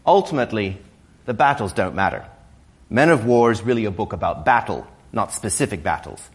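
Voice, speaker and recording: A man with a hoarse voice from a cold, an author giving a public lecture in a museum, at times hesitant with fillers and restarts. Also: on the low side, expressive, fairly quick.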